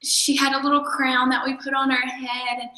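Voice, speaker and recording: A woman's voice: high-pitched, level tone, normal speed, pushed and bright. A young woman student telling a story in casual chat, earnest and full of fillers. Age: young adult. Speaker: student volunteer. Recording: roomy echoey sound.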